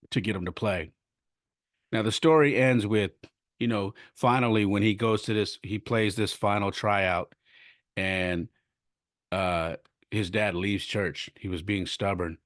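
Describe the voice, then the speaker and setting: A middle-aged man hosting a podcast, earnestly retelling a story with lively restarts and self-corrections. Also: low-pitched, no room sound, clean studio sound. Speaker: podcast host. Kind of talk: casual storytelling monologue.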